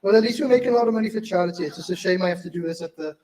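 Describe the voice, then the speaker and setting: A man's voice: high voice, racing, mellow. A man joking, swearing and singing along at a live convention event. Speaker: convention panel performer. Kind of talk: comic live singing and banter.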